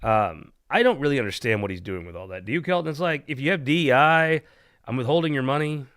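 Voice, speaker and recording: A man's voice: mid-range voice, lively intonation, quick pace, a bit bright. A man hosting a political talk show, telling jokes and chatting in a rambling, irreverent way. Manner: irreverent, rambling, laughs at his own jokes. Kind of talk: casual joke-telling chat.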